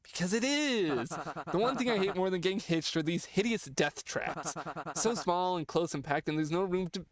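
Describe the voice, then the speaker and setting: A man's voice: high-pitched, expressive, normal speed. A man voicing a jittery young man who complains dramatically about elevators. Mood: dramatic.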